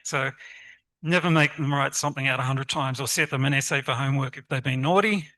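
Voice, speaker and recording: A man giving a lively, encouraging conference talk to teachers and asking the audience questions. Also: mid-range voice, fairly quick, no room sound, low-quality recording. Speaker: conference presenter on literacy teaching.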